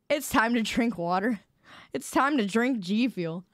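A woman's voice: a little high, lively intonation, a little slow, no room sound, studio quality. A young adult woman live streamer in casual gaming chat, playfully teasing her viewers.

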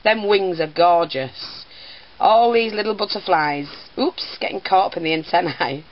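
An older woman talks warmly and chattily in a casual craft vlog. She keeps dissolving into giggles between remarks about her parcel. The sound is dull and lo-fi, like a home video. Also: lowish voice, measured pace. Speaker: teacher and crafter.

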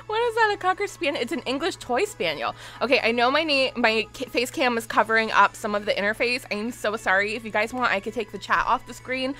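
A young woman live-streaming a game, chatting casually, gushing and greeting her viewers in quick bursts, sometimes squealing with excitement. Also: on the high side. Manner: squeals loudly when excited. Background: faint game music.

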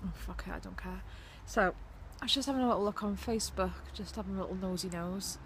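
A woman's voice: mid-range voice, fast talker. A woman with a Welsh accent rants to her camera, swearing freely in a blunt, sarcastic way. Her voice sits mid-range. Faint background noise hangs behind her. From Wales. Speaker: vlogger. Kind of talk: ranting vlog to camera. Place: outside her house.

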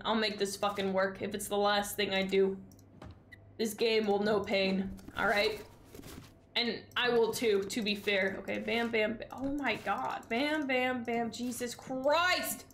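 A woman's voice: mid-range voice, fairly even intonation, unhurried, fairly bright tone, a little hiss or hum. A woman streaming a game in casual chat, exasperated and sarcastic, swearing freely. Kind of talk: casual live-stream chat while gaming.

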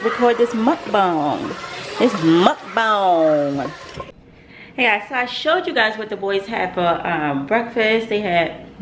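A woman's voice: medium pitch, slight background noise. A young woman, chatting casually to camera in her home kitchen, laughing often and calling her viewers "y'all.". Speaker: vlogger, mother.

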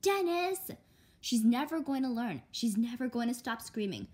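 A woman's voice: a little high, big pitch swings, normal speed, darkish tone, pitched above the performer's own voice. A woman voicing a tired, firm mother. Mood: stern. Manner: firm, no-nonsense.

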